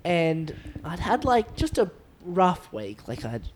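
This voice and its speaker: Animated young man, slightly high voice. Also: slow. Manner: animated, laughing often, full of fillers. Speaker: guest comedian. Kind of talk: casual podcast storytelling.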